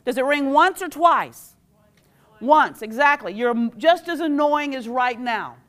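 A middle-aged woman with a fairly high voice leads a workshop with plenty of energy. She speaks as an educator, firing questions at the crowd and getting them to chant lines back to her. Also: measured pace. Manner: animated, quizzes the audience and leads call-and-response. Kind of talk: lively workshop talk to a live audience.

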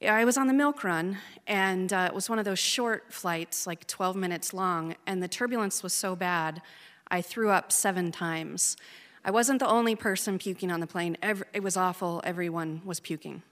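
A woman in her thirties from Oregon, telling a personal story in a slow, measured, emotional way as a speech. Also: fairly low pitch, fairly bright tone. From Oregon, USA. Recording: long hall reverb.

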